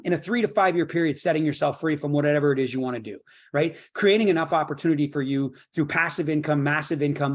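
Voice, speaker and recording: A middle-aged man with a fairly high voice runs a motivational real estate workshop. He talks with steady energy and keeps asking "right?" to pull the room along. He drives his points home by stacking the same phrase over and over. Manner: energetic, repeats "right?" to draw in listeners; builds points through long repeated phrases.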